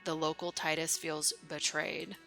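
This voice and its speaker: A woman's voice: low voice, flat delivery, measured pace, gravelly, pushed and bright, soft background music. A young woman streaming a game live, reading its text aloud with chatty asides and swearing.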